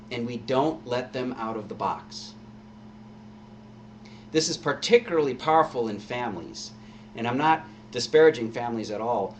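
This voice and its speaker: Male pastor, relaxed conversational sermon, set back from the mic with a faint hum. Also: medium pitch, far from the mic. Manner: conversational preaching with rhetorical questions. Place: church service, live-streamed.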